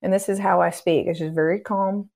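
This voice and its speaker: Calm, low-voiced woman teaching earnestly. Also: a little fast, creaky. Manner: calm, earnest, instructive, acts out prayers. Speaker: guest minister on deliverance. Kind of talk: conversational teaching interview.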